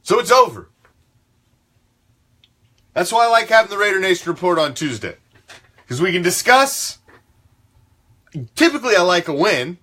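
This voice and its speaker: A man's voice: high voice, animated, normal speed, long pauses, sharp tone. Fired-up, swearing sports host man. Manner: profane, fired-up, emphatic. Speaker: sports talk show host. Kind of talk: fan sports commentary rant.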